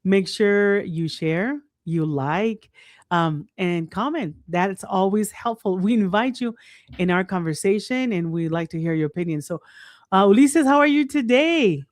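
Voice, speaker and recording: A woman's voice: mid-range voice, animated, a little slow, dry recording, clean studio sound. Upbeat Texan woman podcast host. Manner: upbeat, welcoming, laughs often. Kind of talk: casual podcast chat.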